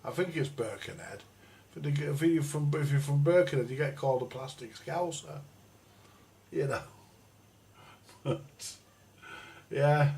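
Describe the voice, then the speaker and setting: Bloke from round ranting on his live stream, swears loads, bit higher voice. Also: unhurried, vocal fry, pauses often, a little mellow. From England. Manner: sweary, rambling, blunt. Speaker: livestream host. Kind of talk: casual ranting chat. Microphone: live stream microphone.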